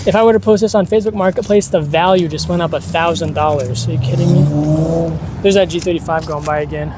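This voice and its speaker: A car owner talking casually through a DIY vlog beside their car outdoors, gushing and exclaiming with drawn-out words. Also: medium pitch, noisy background.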